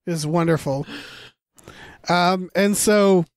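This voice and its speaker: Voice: mid-range voice, takes it slowly, no room sound. A podcast co-host talking about a film in a casual, rambling way. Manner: rambling, many fillers and restarts. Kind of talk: casual film review chat.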